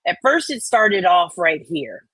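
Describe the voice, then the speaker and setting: A woman's voice: lowish voice, very animated, a little slow, fairly bright tone, husky, no echo, low-quality recording. A woman hosting a casual livestream, reading online comments aloud in a laid-back way. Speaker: host.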